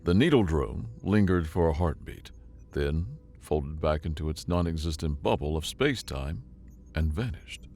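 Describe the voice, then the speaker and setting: Deep-voiced man narrating sci-fi. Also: normal speed, soft background music. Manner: dramatic, expressive storytelling.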